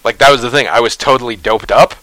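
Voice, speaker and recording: A man's voice: mid-range voice, fast talker, a bit bright, no echo, poor audio. A man co-hosting a podcast, chatting casually and telling rambling, tangent-filled stories. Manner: rambling, tangent-prone storyteller. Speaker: podcast co-host. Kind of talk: casual chat.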